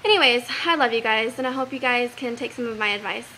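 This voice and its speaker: Bright high-voiced earnest young woman. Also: quick pace, a little hiss or hum, poor audio. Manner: earnest, animated, quotes Bible verses. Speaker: vlogger giving advice. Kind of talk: casual advice vlog.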